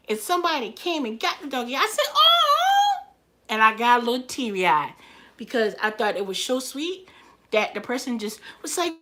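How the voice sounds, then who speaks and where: A woman's voice: fairly high pitch, bright, forceful tone. A woman chatting casually on a live stream, emotional and repetitive. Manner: emotional, chatty, repeats herself. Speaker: livestreamer.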